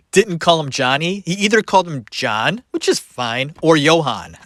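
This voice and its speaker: Lively, laughing male podcast host. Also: fairly high pitch, dry recording, clean studio sound. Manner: animated, laughs often, sarcastic asides. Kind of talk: solo podcast commentary.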